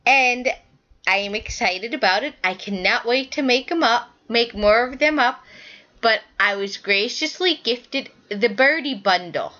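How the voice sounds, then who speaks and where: A woman's voice: on the high side, expressive, a little slow, bright, forceful tone, highs cut off. A woman hosting a knitting podcast, chatting casually and rambling as she shows her work to the camera, often correcting herself mid-sentence.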